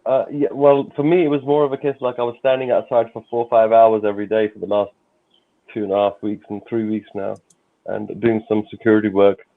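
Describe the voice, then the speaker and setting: A man signs off from a fan livestream, courteous and prone to repeating himself. His voice is fairly low. It comes through a narrow, phone-like call line. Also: flat delivery, fairly quick. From London. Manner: warm, courteous sign-off, repeats words. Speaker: guest on a fan stream. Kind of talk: casual livestream chat. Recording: tinny phone-like call audio.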